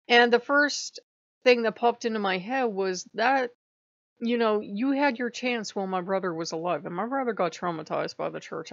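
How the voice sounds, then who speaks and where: A woman with a low, gravelly voice talks through her week in a loose, rambling, chatty vlog. The sound is dry and close, with a dull, lo-fi tone. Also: no room sound. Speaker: channel host. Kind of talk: casual devotional vlog chat.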